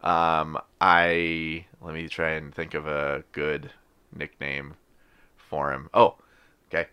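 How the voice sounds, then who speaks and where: Man, deep voice, bright edge, wry rambling podcast host, casual chat. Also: completely flat delivery, slow pace, smooth.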